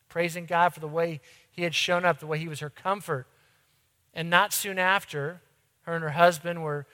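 A man preaching a sermon to his congregation, earnest, swinging between loud lines and hushed ones. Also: fairly high pitch, big-room sound. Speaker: pastor.

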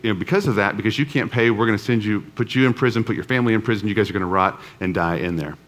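A man's voice: fairly low pitch, very fast, close to an everyday voice. A man voicing an exasperated ancient king who talks in casual modern slang, exclaiming over debts. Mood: stern.

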